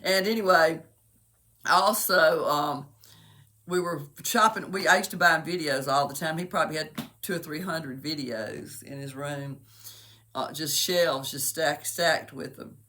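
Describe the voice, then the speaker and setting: A middle-aged woman reciting a poem and telling a personal anecdote in a heartfelt, expressive way. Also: deep voice, unhurried, slight background noise. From Mississippi. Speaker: storyteller.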